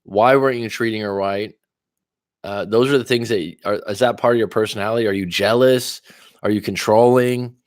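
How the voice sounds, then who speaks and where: Low-voiced man answering livestream chat. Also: steady tone, no room sound, clean studio sound. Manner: conversational, reads chat aloud and answers with pointed questions; admits talking fast after coffee, some stutters. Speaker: life coach and livestream host. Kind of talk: casual livestream reading viewer comments.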